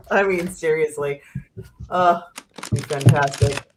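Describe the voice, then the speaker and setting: A woman's voice: low-pitched, slow, background noise. A woman hosting a casual livestream chat over a video call. She laughs often while she tells stories. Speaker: host.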